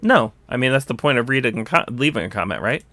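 A man's voice: mid-range voice, lively intonation, fast, pushed and bright, dry recording. A young man in casual recorded chat, rambling with many fillers and restarts.

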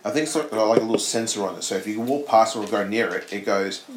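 Man, mid pitch, echoey room, faint background hiss, casual chat. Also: fast. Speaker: podcast co-host. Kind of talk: casual film commentary chat.

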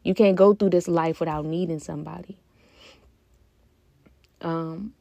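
A woman's voice: fairly low pitch, steady tone, unhurried, gravelly, pauses often, dark tone, no echo, highs cut off. A young woman hosting a podcast, speaking earnestly and from the heart in a reflective personal talk, with hesitant fillers along the way. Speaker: podcast host.

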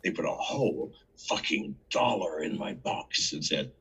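Deep raspy-voiced man telling stories. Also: a little slow, few pauses, poor audio. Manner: profane, animated storyteller. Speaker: interview guest. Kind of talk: casual storytelling.

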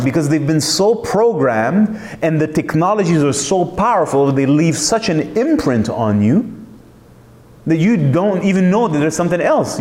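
A man's voice: fairly high pitch, a little mellow, roomy sound. A man hosting a talk, speaking in an emphatic, searching way, full of rhetorical questions and restarts. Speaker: host. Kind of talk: reflective monologue.

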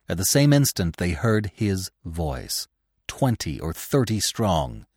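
A man reads a classic tale aloud with lively pitch, moving from hushed passages to loud, urgent ones. The recording is dry and close. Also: slow, husky, no echo. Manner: dramatic, with big swings between hushed lines and loud ones. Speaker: podcast narrator. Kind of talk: scripted narration of a classic novel.

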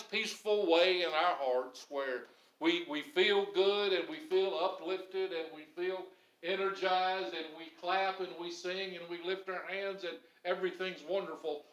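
A man with a slightly high, somewhat bright voice preaches in an echoey church sanctuary. As a pastor with Southern phrasing, he works his congregation up through rising, emphatic bursts.

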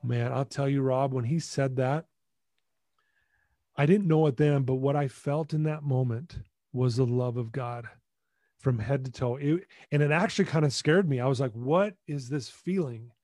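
A medium-pitched middle-aged man speaks at a moderate pace in a dry, clean studio recording. Appearing on a podcast, he tells a story from his own experience, acting out conversations and repeatedly restarting or doubling up on words in his animated delivery.

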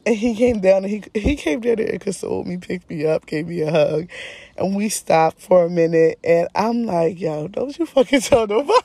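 A woman's voice: fairly low pitch, normal speed, gravelly, no room sound. Give me a frank woman podcast host chatting casually, laughing often, in a dry, dead room. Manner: frank, laughs often, swearing, animated asides. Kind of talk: candid casual storytelling.

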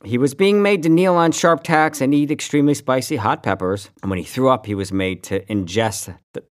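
Speaking a little fast at medium pitch, this podcast co-host fills a casual chat with sarcastic ranting and plenty of free-flowing profanity.

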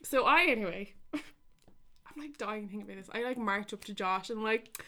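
Bright-voiced Irish woman telling stories. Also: medium pitch, a little fast. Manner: animated, laughing storyteller. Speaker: podcast co-host. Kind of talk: casual chat, storytelling.

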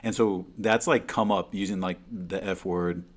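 Deep-voiced and moderately paced, a man co-hosting a podcast remotely spins rambling, animated stories with many restarts and fillers. The casual chat comes through a remote call mic on a remote call.

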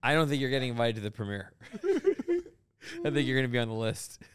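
A man's voice: medium pitch, wildly swooping pitch, fairly quick. A young man co-hosting a casual comedy podcast, riffing and laughing through his lines. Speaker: podcast co-host.

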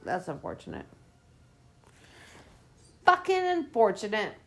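A woman's voice: mid-range voice, huge pitch swings, takes it slowly, gravelly, a little hiss or hum. A woman podcast host giving casual movie commentary, swearing a lot and ranting in an exasperated, sarcastic way.

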